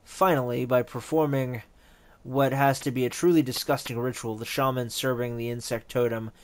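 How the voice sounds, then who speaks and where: A man voicing a sly, theatrical painted elf who lectures in a measured, wry way in a tabletop game. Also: mid-range voice, steady tone, a little hiss or hum, close to an everyday voice.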